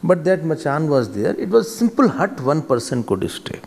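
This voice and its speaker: A man with an Indian accent giving a spiritual discourse as a swami, animated and switching between English and Hindi. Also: a little high, normal speed, creaky. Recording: reverberant hall.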